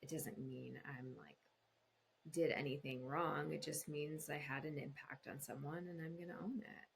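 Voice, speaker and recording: A woman speaking as a couples therapist in an interview, explaining calmly and acting out voices in quoted examples. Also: normal speed, vocal fry, a little hiss or hum. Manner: explanatory, acts out voices in quotes with big pitch jumps. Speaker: couples therapist, podcast guest. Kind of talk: conversational interview answers.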